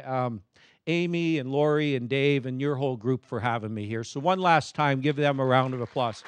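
A middle-aged man giving a lively, humorous keynote presentation to a live audience, often calling on the crowd to answer him. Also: fairly high pitch. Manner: energetic, humorous, prompts audience responses. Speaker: motivational speaker.

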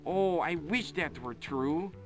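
A woman doing a low, mopey wooden boat. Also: slow pace. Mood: glum. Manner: dull, mopey, fearful. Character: slow gloomy wooden boat, male. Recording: game audio with music.

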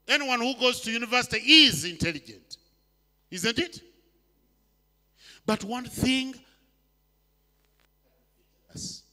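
A man in his sixties from Uganda preaching a sermon, swinging between loud urgent lines and soft slow ones. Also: high-pitched. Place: church hall. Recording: long hall reverb.

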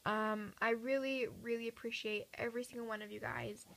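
Chatty teenage girl, slightly raspy. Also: a little high, steady tone, fairly quick, a bit bright, poor audio. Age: teens. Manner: chatty, earnest, many fillers and restarts. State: slightly raspy from talking a lot. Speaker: vlogger. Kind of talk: casual chat to camera. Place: at home at night.

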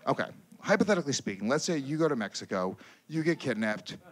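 A man performing a stand-up comedy set on stage, telling a crude story in an animated way and breaking into loud impressions. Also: mid-range voice, fast. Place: comedy stage before a live audience.

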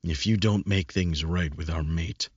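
A gruff male wolf spirit that scolds and growls, voiced by a man reading a storybook. His voice sits very low, with a husky edge. The recording is dry and dull, like a lo-fi studio take. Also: measured pace, dry recording. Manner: growling, insulting.

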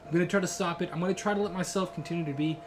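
A man's voice: high-pitched, steady tone, very fast, noisy background. Sarcastic rambling young gamer guy. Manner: rambling, sarcastic, heavy filler and swearing. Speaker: gaming YouTuber. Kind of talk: horror game let's play commentary. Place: room in a shared home.

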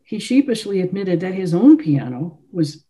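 A woman's voice: lowish voice, sing-song, normal speed, dark tone. A woman author reading her historical novel aloud in first-person narration.

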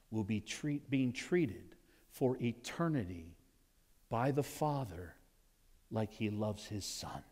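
A man from Nevada preaching a sermon as pastor, animated in his storytelling, swinging between loud exclaims and hushed asides before a congregation. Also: mid-range voice. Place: church sanctuary with congregation. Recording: long hall reverb in a church.

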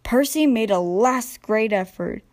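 A young woman narrating a children's train storybook in a gentle, expressive read-aloud manner. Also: mid-range voice, unhurried. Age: young adult. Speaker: storybook reader.

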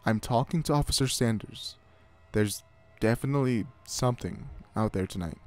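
A man voicing an excitable, protective middle-aged farmer father who gives firm orders. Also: on the low side, moderate pace, soft background music, natural voice. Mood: commanding. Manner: excited, commanding.

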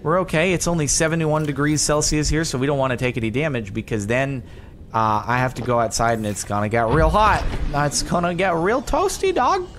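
A man reacting to gameplay with drawn-out gasps and exclamations. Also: on the high side, expressive, a bit bright. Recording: noisy background.

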